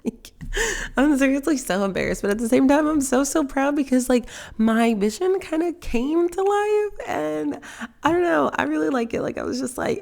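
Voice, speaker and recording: This Sims gaming vlogger in her 20s has a gravelly, slightly high, somewhat mellow voice and talks at a moderate, animated pace. She gives casual voice-over commentary on a game build, chatty and self-conscious, leaning heavily on "like," and sounds emotional, close to tears.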